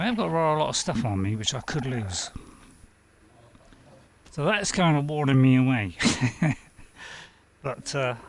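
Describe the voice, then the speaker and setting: A man's voice: medium pitch, background noise. A man giving casual gameplay commentary as a streamer, rambling, talking to himself and chuckling often. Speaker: game streamer.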